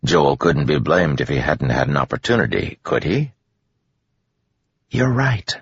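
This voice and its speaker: A man narrating an audiobook in a measured, even storytelling manner. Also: extremely low pitch, slightly rough, no echo. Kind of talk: scripted narration. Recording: dull lo-fi audio.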